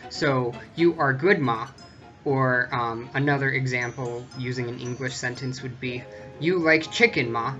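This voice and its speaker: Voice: medium pitch, fairly bright tone, highs cut off. A vlogger giving a casual, chatty tutorial that walks through each point step by step.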